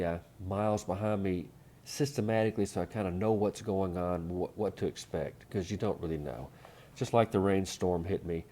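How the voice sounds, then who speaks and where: A man's voice: deep voice, dark tone. A man, easygoing and full of fillers, telling trail stories as a casual voice-over recap. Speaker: thru-hiker vlogger.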